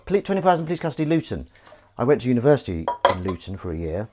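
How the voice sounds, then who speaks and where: A man's voice: on the low side, big pitch swings, very fast, background noise. A man chatting casually on a live stream while washing up in his home kitchen, rambling and joking at his own expense. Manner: rambling, jokey, self-deprecating. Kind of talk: casual chat. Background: clinking dishes and pans.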